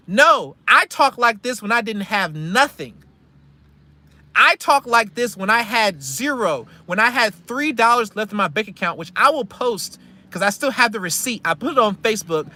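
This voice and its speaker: A man lectures his viewers in a blunt, slangy, preachy way, hammering each point home. His voice is bright and tense. The sound is dry and close, recorded on a phone inside a parked car. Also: sits high, lively intonation, moderate pace, no room sound. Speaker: credit and investing vlogger. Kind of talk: casual motivational rant. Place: parked car in a store parking lot.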